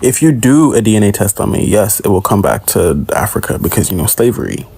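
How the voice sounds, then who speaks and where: A man's voice: very animated, a little fast, mellow, a little hiss or hum. A man from Jamaica with a Jamaican accent, ranting in a profane, exasperated reaction video. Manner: exasperated, profane, swings pitch for emphasis.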